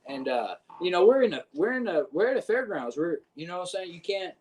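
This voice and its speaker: With a high-sitting voice and a slightly fast delivery, a pro wrestler tells casual stories as a podcast guest. He's animated and profane, checking in with his listener by constantly asking "you know what I'm saying."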